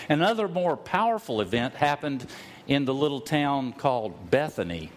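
A middle-aged man preaching a sermon, telling stories at an easy pace, slowing down to stress key words and sometimes rising to a loud cry. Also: medium pitch. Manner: storytelling preacher, slows for emphasis, rises to loud cries. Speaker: pastor.

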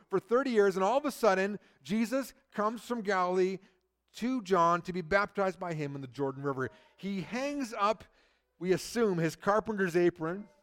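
A middle-aged man preaching a sermon, who swings from loud emphasis to a hushed near-whisper. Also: sits high. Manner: acts out quoted people in lively voices. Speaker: pastor.

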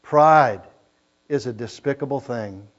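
Preacher guy giving a sermon, gets loud on the bible bits, kinda dull muffled recording. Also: medium pitch, takes it slowly. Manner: emphatic preaching, rising loud on scripture quotes.

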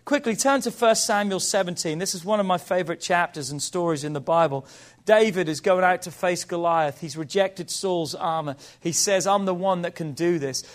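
A male pastor preaching a sermon in a high voice for a man. He builds to loud, emphatic peaks and then drops to hushed, low endings, calling on the congregation to answer him along the way. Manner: impassioned, calls for congregation response.

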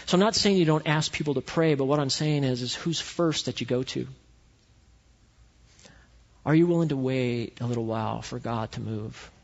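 Male pastor, sermon delivery, animated and storytelling, reverberant sanctuary with muffled recording. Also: mid-range voice, moderate pace, vocal fry. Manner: animated storytelling, swings from loud to quiet. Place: church sanctuary. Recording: echoey hall, dull lo-fi sound.

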